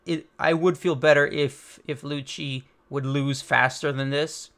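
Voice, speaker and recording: A man hosts a manga reaction, reading the dialogue aloud in a loose, chatty way. His voice sits a little higher than most men's. He drops quick offhand remarks between the lines. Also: fairly even intonation, fairly bright tone. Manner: casual, reads dialogue aloud with light commentary.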